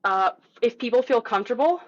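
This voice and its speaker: A woman with a fairly high pitch and lively intonation speaks briskly while leading a voice lesson for a group on a video call. She's laid-back and encouraging, uses fillers, and demonstrates sounds, heard through dull lo-fi audio.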